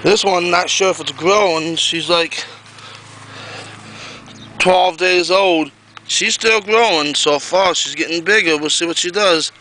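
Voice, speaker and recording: With a high-pitched, bright, forceful voice and a slightly slow pace, the pumpkin grower gives a rambling, repetitive walking tour of his garden, speaking to a handheld camera outside. The recording is low quality, with slight background noise.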